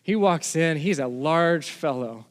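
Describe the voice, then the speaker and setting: A man's voice: on the high side, lively intonation, measured pace, big-room sound. A man from Texas, a pastor giving a sermon in a conversational storytelling way, often restarting his phrases.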